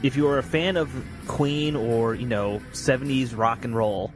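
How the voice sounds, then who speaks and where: A man's voice: mid-range voice, moderate pace, over music. A man co-hosting a casual sports podcast, easygoing and rambling with plenty of fillers. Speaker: podcast co-host.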